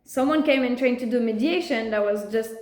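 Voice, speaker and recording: A woman talking casually and passionately to the camera, stopping often to quote people in lively voices. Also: a little high, brisk. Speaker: video creator. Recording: echoey room.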